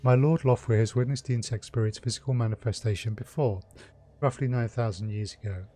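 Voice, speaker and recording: A man voicing a slow, pompous German envoy who savours every word. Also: medium pitch, fairly even intonation, dark tone, soft background music, close to an everyday voice.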